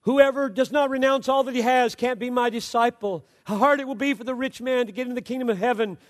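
Male preacher, high voice, fervent sermon delivery that drops to quiet asides, long reverb. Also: steady tone, fast. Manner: impassioned, swings from loud exhortation to low hushed storytelling.

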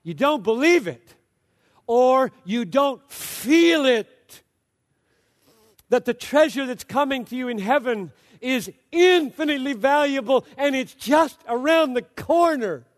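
A man preaching a sermon with passion, moving between loud exhortation and low, hushed storytelling. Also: lively intonation, slow, in a large hall.

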